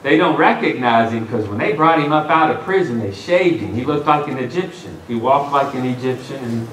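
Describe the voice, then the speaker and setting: A male pastor preaching a sermon, telling the story with lively, joking character voices. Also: medium pitch, fairly quick, slight background noise. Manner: animated storytelling, acting out the characters with jokes. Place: church sanctuary. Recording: echoey hall, mic from a distance.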